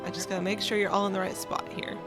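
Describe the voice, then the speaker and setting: A woman's voice: mid-range voice, flat delivery, fast. A woman running a tabletop game and hosting a live stream, chatting and laughing while she fixes technical issues. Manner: laughing, upbeat, multitasking. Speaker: game master and stream host. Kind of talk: casual chat on a live stream. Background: background music.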